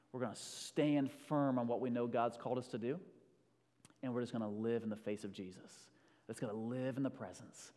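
A man preaching a sermon, swinging between loud, rallying bursts and quiet, intimate stretches. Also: medium pitch. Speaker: pastor. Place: church hall. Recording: long hall reverb.

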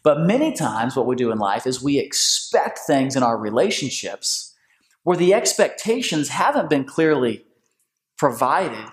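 A man hosting a faith-based conversation, preacherly and animated, with big swings in pitch. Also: measured pace. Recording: echoey room.

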